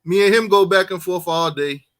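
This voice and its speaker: Chill guy with a high voice reading donations on his stream, laughs a lot. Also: normal speed. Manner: laid-back, laughs often, reads donations. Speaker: live-stream host. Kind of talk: casual sports chat.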